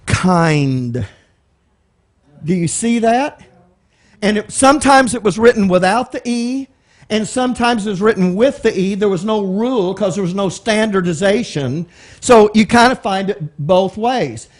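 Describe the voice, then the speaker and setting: High-voiced man teaching a Bible class. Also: animated, measured pace. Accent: Texan. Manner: conversational, explains word by word, asks the room questions.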